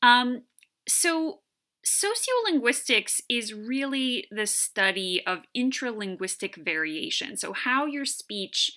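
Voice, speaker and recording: A woman giving a recorded college lecture, explaining terms in an unhurried way with frequent ums. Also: fairly high pitch, sing-song, pushed and bright.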